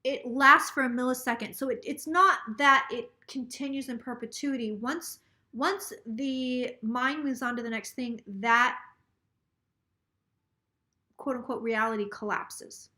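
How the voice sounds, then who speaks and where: A woman's voice: sits high, fairly even intonation, a little slow, bright, forceful tone. A woman psychic on a casual live stream, a little tipsy, relaying a spirit's words in a rambling, swearing way. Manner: rambling, swears freely, quotes the spirit aloud.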